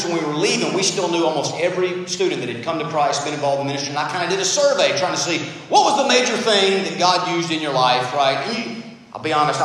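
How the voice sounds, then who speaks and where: A middle-aged American man preaching a sermon, telling stories in an animated, self-deprecating way. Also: on the high side. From United States. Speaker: pastor. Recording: very echoey hall, faint room noise.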